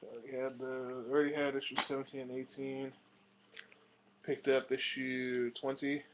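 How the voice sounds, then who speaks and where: Against a noisy background, a young man shows off his new comics in a rambling, casual vlog, saying um and uh a lot. This collector speaks in a level, medium-pitched voice at a moderate pace, and the home recording is dull and lo-fi.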